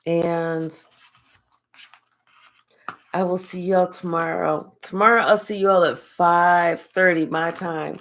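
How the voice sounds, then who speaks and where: Slow-talking older woman reading live. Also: on the low side. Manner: slow, relaxed, affectionate, thanks viewers by name. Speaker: spiritual reader hosting a live stream. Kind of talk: casual live-stream chat.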